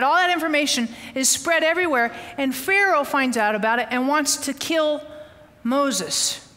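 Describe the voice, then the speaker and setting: A woman teaching a Bible lesson, telling the story with lively, animated acting-out of the quotes. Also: high voice, long reverb tail. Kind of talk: teaching sermon. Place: outdoors, windy.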